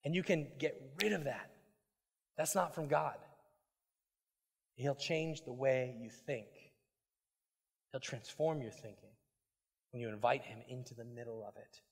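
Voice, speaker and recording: A man preaching a sermon as pastor, swinging between loud emphasis and hushed asides and often repeating words as he restarts. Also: mid-range voice, measured pace, gravelly, long pauses, husky. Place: church sanctuary. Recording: long hall reverb.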